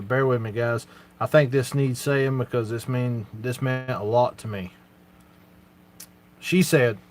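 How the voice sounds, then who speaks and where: A man's voice: mid-range voice, darkish tone. A man hosting a casual live Q&A, talking in an earnest, plain-spoken way with lots of fillers. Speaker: channel host answering viewer questions.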